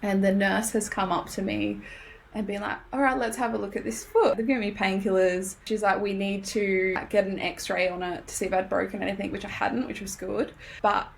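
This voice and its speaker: A young Australian woman, a podcast guest, telling a story in casual chat, animated and laughing often as she acts out what people said. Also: mid-range voice, brisk, gravelly, a little hiss or hum.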